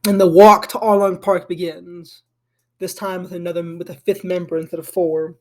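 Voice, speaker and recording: High-voiced man rambling through a fan story. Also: little pitch movement, moderate pace. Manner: rambling, filler-heavy, swears casually. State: yawning, tired. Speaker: anime fan commentator. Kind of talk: casual retelling of a fan story. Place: home room.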